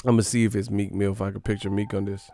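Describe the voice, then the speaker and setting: A man live streaming in casual chat, animated and slangy, laughing often. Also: on the low side, quick pace, soft background music.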